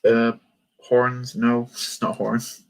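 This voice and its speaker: A man's voice: mid-range voice, monotone, takes it slowly, gravelly. A man chatting casually on a livestream while building a toy set, joking and poking fun at himself. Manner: chatty, joking, self-mocking.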